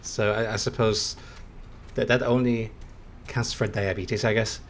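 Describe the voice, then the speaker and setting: A man's voice: fairly low pitch, fairly even intonation, a little slow, a little hiss or hum. Chuckly man rambling over a game. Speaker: streamer. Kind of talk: casual gameplay commentary.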